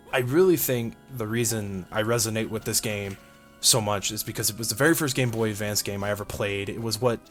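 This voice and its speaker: A man's voice: lowish voice, a bit bright. A man hosting a video game playthrough, chatting casually and rambling with lots of fillers. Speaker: let's play host. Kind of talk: casual gameplay commentary. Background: game music.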